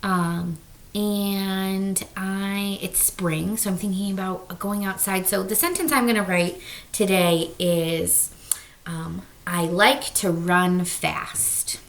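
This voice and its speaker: A woman teacher recording a remote writing lesson for young children at home, modeling slowly and patiently and softly whispering the words she sounds out. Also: mid-range voice, rough recording.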